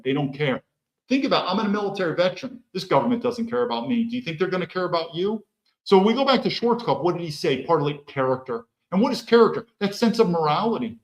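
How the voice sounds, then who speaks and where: A heated male host delivers political commentary, firing rhetorical questions and swearing freely. His voice sits high and swings animatedly. The room adds a roomy echo. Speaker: podcast host. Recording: echoey room.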